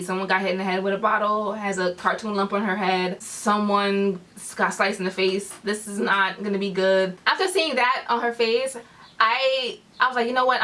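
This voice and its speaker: Animated young woman telling a story. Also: a little high, far from the mic. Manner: animated, quotes people in reported speech. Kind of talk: casual storytime.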